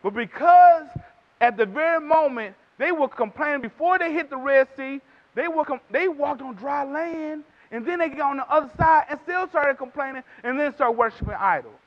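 High-voiced Texan preacher. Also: male voice, normal speed. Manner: emphatic preaching, acts out quotes in character voices. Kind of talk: sermon. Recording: dull lo-fi recording.

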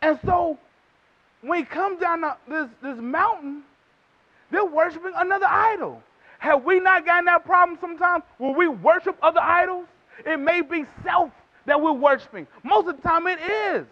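Casting: very high-pitched male Texan preacher, emphatic sermon delivery, muffled lo-fi audio. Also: normal speed. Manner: emphatic preaching, acts out quotes in character voices. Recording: dull lo-fi recording.

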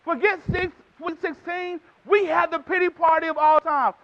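A man's voice: very high voice, steady tone, normal speed, hardly any pauses. A man preaching a sermon emphatically, acting out quotes in voices, in a dull lo-fi recording.

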